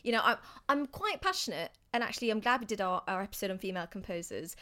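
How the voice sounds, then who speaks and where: A woman's voice: mid-range voice, expressive, quick pace, bright, forceful tone. A woman co-hosting a casual podcast about classical music, chatty and giggly, often trailing off with fillers. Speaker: podcast co-host.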